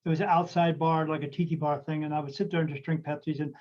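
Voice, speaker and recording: High-voiced man telling a rambling story. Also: flat delivery, fast. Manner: rambling, many fillers and restarts, acts out quoted voices. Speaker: podcast host, medium. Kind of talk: casual storytelling chat. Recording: dull lo-fi audio.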